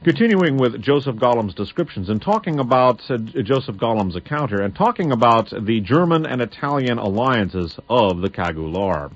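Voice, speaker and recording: A man hosting a spoken history commentary, reading long excerpts aloud and deliberately spelling out names letter by letter, on a dull lo-fi recording. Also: medium pitch, very animated, no room sound.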